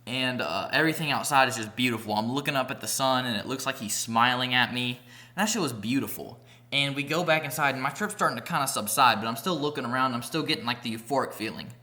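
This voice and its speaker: A young man tells a rambling story for his vlog. He talks casually and profanely, piling up filler words as he goes. His voice sounds bright and pushed forward. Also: medium pitch, quick pace. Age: young adult. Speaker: vlogger.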